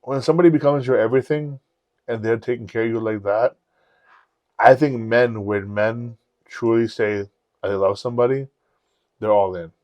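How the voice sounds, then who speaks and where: A man on a podcast telling personal stories in a candid, profane, animated way. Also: mid-range voice, moderate pace, no echo, lo-fi sound. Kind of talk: casual storytelling chat.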